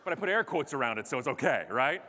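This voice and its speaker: A man giving a comedic keynote speech on a large conference stage, animated and self-deprecating. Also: mid-range voice, fast talker. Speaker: keynote speaker. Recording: echoey hall.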